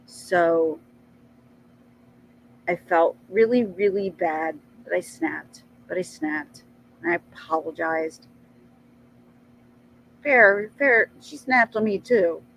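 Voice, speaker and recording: A woman's voice: slow pace, long pauses, slight background noise, low-quality recording. Chatty, rambling middle-aged woman. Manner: chatty, rambling, animated with frequent jumps in pitch. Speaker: vlogger. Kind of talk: casual storytelling vlog.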